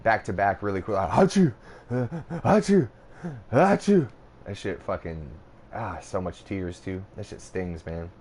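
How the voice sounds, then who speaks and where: Young male podcast co-host, lower voice, easygoing and crude banter. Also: steady tone, normal speed, slight background noise. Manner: laid-back, swears a lot, laughs often. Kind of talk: casual chat.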